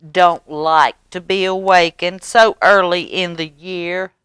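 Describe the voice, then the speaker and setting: A woman's voice: on the low side, steady tone, slow pace, a bit bright, smooth, no echo, pitched above the performer's own voice. A woman voicing a grumpy, sleepy male bear who growls and grumbles in a children's storybook reading.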